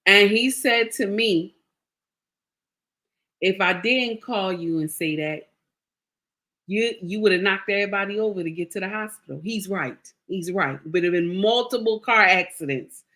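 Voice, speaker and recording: A middle-aged woman tells her vlog viewers a personal story, talking to them directly and repeating phrases in a casual, emphatic manner. Her mid-range voice is a bit bright and her pace is measured.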